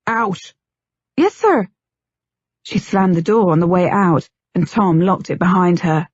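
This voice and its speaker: A woman reading a novel aloud in a steady, measured way as an audiobook narrator. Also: fairly low pitch, slightly rough, no room sound. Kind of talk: scripted narration. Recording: dull lo-fi, dry.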